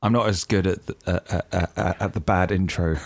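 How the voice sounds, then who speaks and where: Low-voiced man co-hosting a podcast. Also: fairly even intonation, brisk, no room sound. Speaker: podcast co-host. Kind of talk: casual podcast banter.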